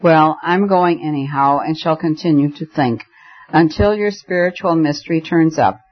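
Guy reading as a keen young man playing detective, bossy and dramatic, slightly high voice, muffled audio. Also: moderate pace, natural voice.

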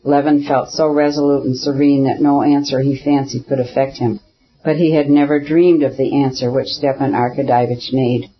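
A man narrating a classic novel as an audiobook, in a measured, even reading that keeps the characters' lines quiet. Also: mid-range voice, breathy edge, muffled recording.

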